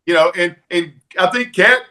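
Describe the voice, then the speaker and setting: A man from Alabama with a Southern accent, a podcast guest telling animated anecdotes in casual chat. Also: sits high, moderate pace. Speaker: podcast guest, former wrestler.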